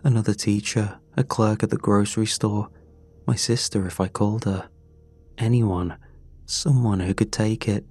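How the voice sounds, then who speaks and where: Slow, low-voiced man narrating horror. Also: darkish tone. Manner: slow, measured, grim delivery. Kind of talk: scripted horror story narration. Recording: dry close voice over faint music. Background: faint music.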